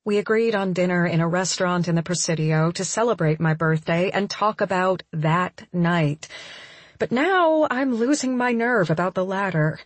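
A young woman narrating a first-person romance audiobook in an expressive, intimate inner-monologue style. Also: lowish voice, moderate pace, no echo.

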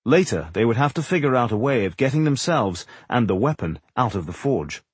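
Male narrator, husky voice, lively pitch, dry close recording. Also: a little fast, no room sound. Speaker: audiobook narrator. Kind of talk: scripted narration.

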